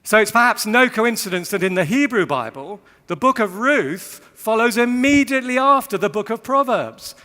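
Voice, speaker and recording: Male speaker, slightly high and bright, witty sermon delivery in a large reverberant hall. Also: lively intonation, normal speed, few pauses. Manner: witty, varied emphasis, repeats phrases rhythmically. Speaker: speaker giving a Bible talk. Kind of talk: sermon talk to a live audience.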